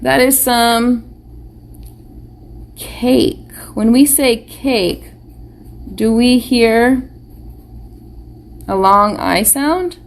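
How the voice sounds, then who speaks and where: Slow, patient woman teaching young children. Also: fairly high pitch, slight background noise. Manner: patient, encouraging, speaks slowly with questions to children. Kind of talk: live online phonics lesson for young children.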